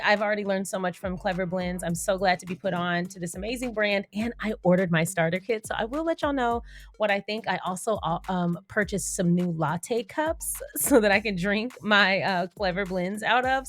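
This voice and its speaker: Chatty woman hosting a casual commentary vlog. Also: mid-range voice. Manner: chatty, laughs often, slangy asides. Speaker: YouTube commentary host.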